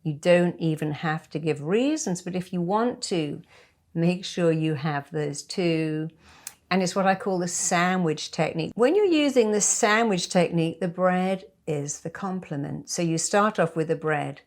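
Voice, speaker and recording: A woman's voice: fairly low pitch, unhurried. Emphatic middle-aged woman giving advice. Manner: emphatic, encouraging, acts out sample phone calls. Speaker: therapist. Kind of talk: advice talk to camera.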